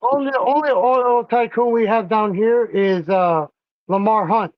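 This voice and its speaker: A man's voice: high-pitched, measured pace, no room sound, highs cut off. A man hosting a casual livestream, chatting with viewers while doing a fiddly craft and swearing often. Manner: profane, grumbling, greets chat viewers. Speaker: livestream host.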